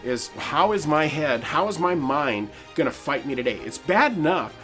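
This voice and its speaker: A man in his forties gives a personal monologue in a slightly high voice. He is earnest and emphatic and restarts his sentences often. Faint music runs underneath. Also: expressive, moderate pace, a bit bright. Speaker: podcast host.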